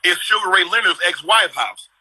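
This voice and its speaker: Husky, bright-voiced middle-aged man. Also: high-pitched, lively intonation, moderate pace, rough recording. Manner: storytelling, emphatic, slangy. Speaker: host. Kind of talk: casual chat. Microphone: video call.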